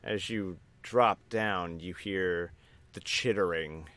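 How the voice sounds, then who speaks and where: Male game master, slow and low, dramatic narration. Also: pushed and bright.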